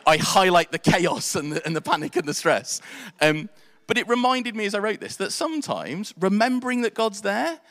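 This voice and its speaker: A man, preaching a sermon in an animated storytelling way. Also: a little high, long reverb tail. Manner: animated storytelling, acts out quotes in voices.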